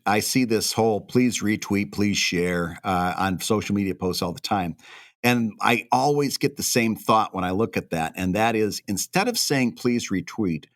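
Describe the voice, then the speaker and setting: A man's voice: fairly low pitch, no echo, clean studio sound. A man co-hosting a cartoonists' podcast, giving emphatic, opinionated advice in casual shop talk.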